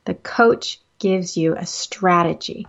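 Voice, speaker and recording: Middle-aged woman, life coach, animated storyteller who jumps up in pitch when acting out dialogue; slightly muffled recording. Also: slow pace, vocal fry. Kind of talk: personal storytelling talk. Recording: slightly dull lo-fi audio.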